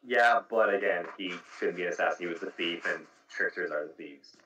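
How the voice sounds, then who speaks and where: Brief: low-pitched male podcast host, explanatory, recorded off-mic in an echoey room. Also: fairly quick, bright, forceful tone, recorded from a distance. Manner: explanatory, walks through game details at length. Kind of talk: casual podcast chat about video games.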